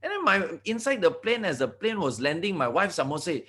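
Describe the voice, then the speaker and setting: Lively Malaysian man telling stories. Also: sits high, a little fast. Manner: animated storytelling, frequent restarts and "you know". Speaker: guest speaker. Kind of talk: motivational talk.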